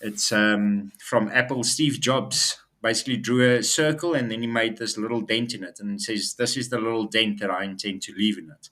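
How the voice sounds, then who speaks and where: A man's voice: on the low side, normal speed, hardly any pauses, fairly bright tone. A man co-hosting a casual business chat show, upbeat and talking in loose run-on sentences with fillers. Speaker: co-host.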